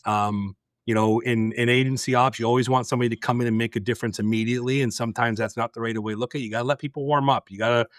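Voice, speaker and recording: A man's voice: mid-range voice, steady tone, rapid-fire, dry recording, clean studio sound. A middle-aged man hosting a podcast, telling a story in a blunt, intense, direct way and acting out the dialogue. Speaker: podcast host. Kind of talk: casual storytelling chat.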